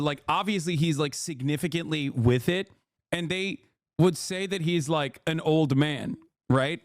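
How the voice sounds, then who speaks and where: A man's voice: on the high side, no room sound, studio quality. Profane rambling male streamer. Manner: rambling, profane, mocking, repeats himself. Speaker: streamer reacting to news. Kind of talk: casual political commentary.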